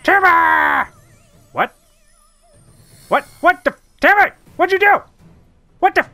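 A gamer giving excitable, sweary commentary over their own gameplay. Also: extremely high pitch, takes it slowly, soft background music. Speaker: let's play gamer.

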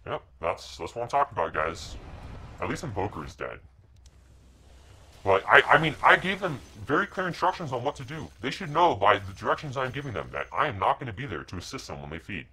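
A man's voice: mid-range voice, very animated, brisk, husky. Profane man barking orders in a game. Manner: profane, shouting orders at teammates; muttered asides to stream viewers. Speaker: game streamer. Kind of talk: live gameplay commentary.

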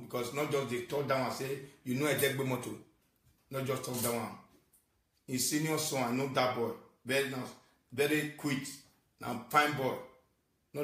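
A man with a Nigerian accent delivers a scolding, repetitive rant, jumping between loud outbursts and low muttering. His voice sits at an ordinary pitch for a man. He sounds set back from the mic in a roomy, echoing space. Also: recorded from a distance. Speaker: social media ranter. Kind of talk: angry rant in Pidgin and English. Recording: echoey room, voice off-mic.

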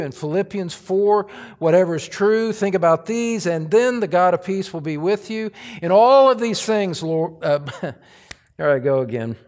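Male pastor preaching in a church, slow and deliberate, slightly higher voice, emphatic lists that trail off quietly. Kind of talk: sermon. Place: church sanctuary.

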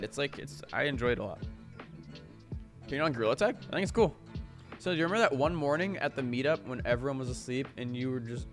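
Bright-voiced young man chatting on stream. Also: mid-range voice. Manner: rambling and animated, lots of "like" and swearing. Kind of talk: casual live-stream chat.

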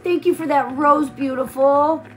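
A woman's voice: high-pitched, fairly even intonation, measured pace, fairly bright tone, faint music behind. A tired woman hosting a live stream, chatting casually while she crafts and greeting viewers by name with pet names.

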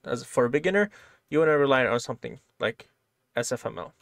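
A man's voice: medium pitch, expressive, fast talker, creaky, fairly bright tone, no room sound, studio quality. A man teaching programming in a casual, step-by-step way, often checking in with "right?". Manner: casual, explains step by step, keeps asking "right?". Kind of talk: screen-share coding lesson.

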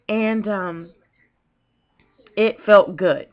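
A woman's voice: on the low side, a little slow, pauses often. A young woman vlogging casually, talking emotionally in a rambling way with restarts. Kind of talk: casual vlog talk. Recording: dull lo-fi home video.

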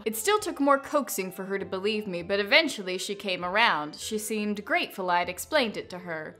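Bright-voiced woman narrating a game story. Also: mid-range voice, expressive, moderate pace, hardly any pauses. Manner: playful, laughs at herself, muses aloud. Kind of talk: reading a story aloud over gameplay with asides.

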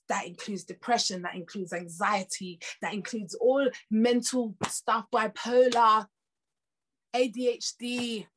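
A woman with a British accent preaching a sermon, emphatic and conversational, repeating her points with rising intensity. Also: mid-range voice. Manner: conversational asides and laughs.

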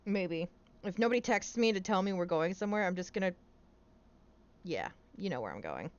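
A young woman playing in a casual tabletop game, giggly and quick to joke. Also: on the low side, sing-song. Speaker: player and co-host. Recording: dull lo-fi audio.

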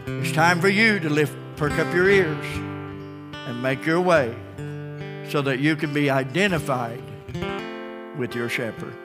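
Pastor preaching an altar call. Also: male voice, fairly high pitch, measured pace, pauses often, music in the background. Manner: calls out names loudly, then drops to soft pleading. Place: large church sanctuary. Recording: church broadcast with long reverb.

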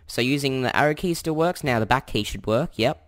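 Young Australian male tutor, animated pitch, chatty, self-correcting, casual screen-recording delivery. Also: fairly quick. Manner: chatty and self-correcting, thinks aloud while typing. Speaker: tutorial host.

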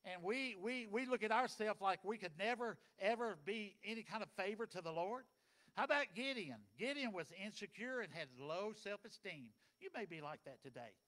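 A man preaching a sermon, folksy and dynamic, swinging between loud and soft. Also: high voice, expressive, moderate pace. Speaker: pastor.

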